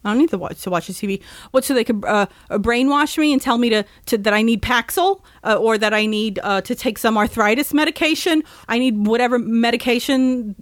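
A woman's voice: a little high, brisk, few pauses, no room sound, clean studio sound. A woman hosting a podcast, ranting in an agitated, sarcastic and profane way before chatting with a caller. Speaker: podcast host. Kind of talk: ranting monologue, call-in chat.

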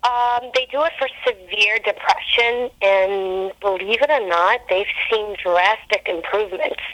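A woman's voice: medium pitch, a little slow, fairly bright tone, dry recording, rough recording. A woman who works in psychiatric care, chatting casually about her patients as a guest. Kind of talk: casual chat.

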